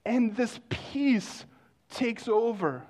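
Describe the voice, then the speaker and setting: A male pastor preaching a sermon in a conversational storytelling way, dropping to hushed exclamations of wonder. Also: extremely high pitch.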